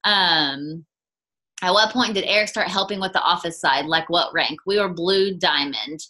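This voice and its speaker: A woman's voice: on the low side, normal speed, pushed and bright, poor audio. A woman talking casually with her husband, giving advice in a chatty way with many fillers and acting out sample questions in a lifted voice. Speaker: business leader co-hosting with her husband.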